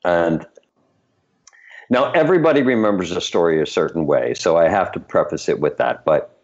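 Older male guest, deep-ish voice, very animated storyteller, dull lo-fi recording. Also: moderate pace. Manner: animated storyteller, laughs between stories. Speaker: choreographer guest. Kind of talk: anecdotal interview storytelling.

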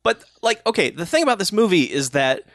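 A man's voice: sits high, big pitch swings, fairly quick, fairly bright tone, no room sound, studio quality. A man chatting casually about a movie, blunt and sarcastic, laughing often and swearing freely. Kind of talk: casual movie review chat.

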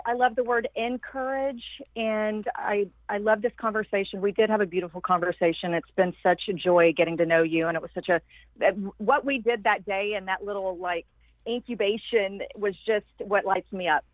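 A woman's voice: mid-range voice, normal speed, dry recording. A woman guest on a podcast, an empowerment coach speaking emphatically and effusively in long flowing runs. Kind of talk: casual podcast interview. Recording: tinny phone-like line, dry.

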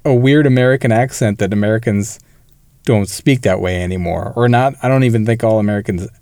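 A man's voice: on the low side, a little fast, a little mellow, dry recording, clean studio sound. A man co-hosting a film podcast, explaining things in a casual, conversational way. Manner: conversational, explanatory, occasional laughs. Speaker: podcast co-host. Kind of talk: casual film review chat.

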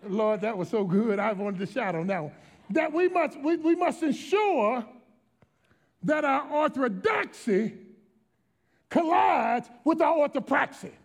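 A middle-aged male pastor from Washington, D.C., preaching a sermon in an emphatic, dynamic way, swinging between shouted lines and hushed storytelling. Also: extremely high pitch, lively intonation, measured pace.

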